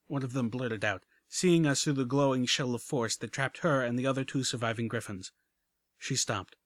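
A man's voice: medium pitch, moderate pace, no echo. A man reading a first-person action story aloud with dramatic narration. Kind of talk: audiobook reading of fan fiction.

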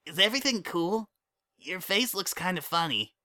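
A man's voice: high voice, moderate pace, voice pushed up, exaggerated voice. A man doing a squealing giggly little colt boy. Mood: excited. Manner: excited, squealing.

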